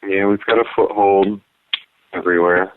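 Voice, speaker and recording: A man calling in to a talk show in casual chat, low-key and hesitant. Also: fairly even intonation, moderate pace, noisy background. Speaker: caller. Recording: dry, phone-like radio sound.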